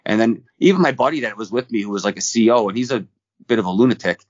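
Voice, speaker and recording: Casual podcast co-host, male, rapid profane storyteller, slightly low voice, dull dry recording. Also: no echo. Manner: fast, profane, rambling with restarts.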